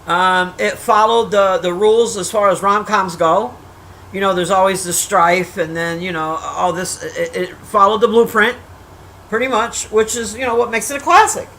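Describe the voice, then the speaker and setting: A woman with a steady, fairly bright, medium-pitched voice rambles bluntly about a movie on a casual livestream, swearing freely and teasing her silent chat. She trash-talks, restarts sentences, and drifts into drawn-out asides, over slight background noise on a rough recording.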